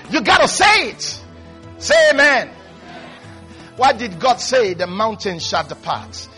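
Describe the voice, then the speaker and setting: High bright-voiced preaching man. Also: slow pace, long pauses, soft background music. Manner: animated, swinging from hushed to shouting. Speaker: pastor. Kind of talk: preaching sermon.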